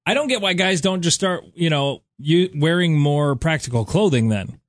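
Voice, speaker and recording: A man's voice: on the high side, lively intonation, moderate pace, no echo, studio quality. A young adult man co-hosting a radio morning show, chatting casually and wryly. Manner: chatty, wry, easygoing.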